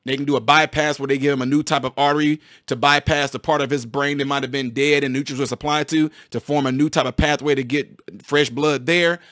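Excited fast-talking man explaining. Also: mid-range voice, dry recording, studio quality. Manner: fast, excited, repeats and restarts phrases. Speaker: former physical therapist commenting on news. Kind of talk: casual explainer to camera.

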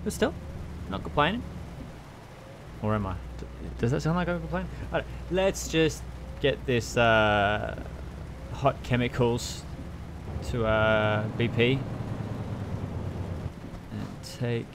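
A man's voice: mid-range voice, takes it slowly, creaky, long pauses, noisy background. A young man casually commentating his trucking game, chatty and swearing often as he talks to himself. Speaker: let's play gamer.

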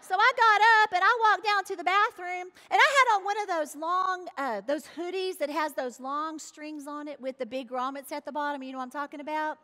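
Southern woman host, comic storyteller, very high and bright, folksy and animated. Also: brisk, hardly any pauses. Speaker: host and speaker. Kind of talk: humorous storytelling to a live audience.

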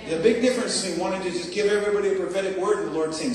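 A middle-aged male preacher giving an animated, laughing sermon in a church, often calling out "Amen?" to the congregation. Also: sits high, rapid-fire. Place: church sanctuary. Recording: very echoey room, voice picked up from a distance.

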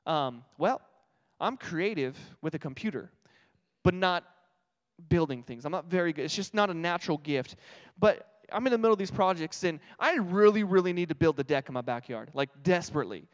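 A New Mexican man in his thirties preaches a chatty, self-deprecating sermon in a high voice. His words ring out with a long reverb in a church auditorium. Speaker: pastor. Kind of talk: conversational sermon.

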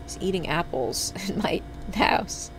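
A man's voice: sits high, animated, unhurried, a bit bright. Guy streaming a block game, chatty and casual, cusses a lot, faint hum behind. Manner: chatty, talks to chat, swears when upset.

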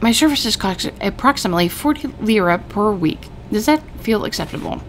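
A tired, frank woman shopkeeper who apologizes and then flatters, read out by a woman. Her voice has a gravelly grain and a brisk, dramatic lilt. It belongs to a storybook-style game. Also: medium pitch, a little hiss or hum, pitched above the performer's own voice, close to an everyday voice. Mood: warm. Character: weary woman shop owner, apologetic and frank.

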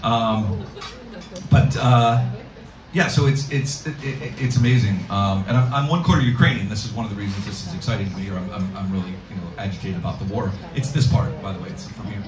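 A man's voice: fairly low pitch, a little fast. A middle-aged man works a restaurant room in a live stand-up set, rambling and self-deprecating with plenty of ums. His voice sounds roomy and distant from the mic. Music plays behind him. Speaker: stand-up comedian.

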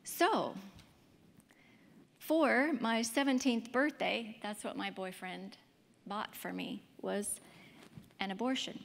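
A woman's voice: mid-range voice, takes it slowly, gravelly, long pauses. A woman in her fifties giving a candid personal testimony as a speaker, in a conversational storytelling way. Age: 50s. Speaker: pro-life speaker. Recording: long hall reverb.

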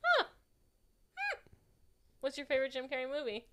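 A woman's voice: high voice, huge pitch swings, moderate pace, sharp tone. A woman guest on a podcast, chatting casually and teasing her co-hosts. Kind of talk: casual chat.

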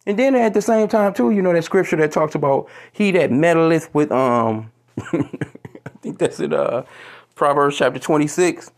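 In a ranting commentary video, a man with a voice on the high side speaks at normal speed, swearing heatedly. His words stumble into repetitive restarts, and at points he pauses to quote scripture.

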